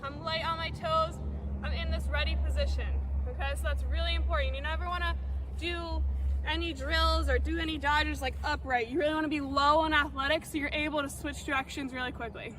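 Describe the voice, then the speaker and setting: A woman's voice: sits high, steady tone, fairly quick, a bit bright, slight background noise. A young woman coaching on an outdoor field, demonstrating drills as she moves and checking in with "okay?" after each step. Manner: explains while moving, checks in with "okay?" often. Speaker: lacrosse coach.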